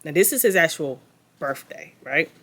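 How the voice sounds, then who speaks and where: Animated woman telling a gossipy story. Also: sits low, normal speed. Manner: animated and gossipy, with sarcastic asides and laughter. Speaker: vlogger. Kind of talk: casual storytime chat.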